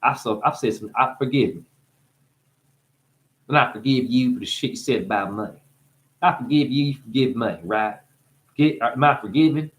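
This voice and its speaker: A man in a rambling spiritual monologue, free-associating through wordplay and profanity, dropping to hushed asides and breaking into crooning. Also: medium pitch, moderate pace, long pauses. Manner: profane, teasing. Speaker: spiritual talker.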